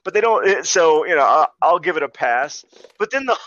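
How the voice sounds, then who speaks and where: A man's voice: a little high, animated, brisk, pushed and bright, dry recording, muffled recording. A man co-hosting a casual movie podcast, rambling and laughing as he retells scenes. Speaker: podcast co-host. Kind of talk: casual movie review chat.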